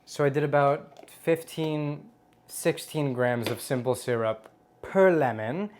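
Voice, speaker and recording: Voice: medium pitch, slow, a little mellow, slight background noise. Playful chatty cocktail tutorial host. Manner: chatty and playful, jokes at own expense; savors tastes aloud with hums. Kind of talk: home cooking tutorial.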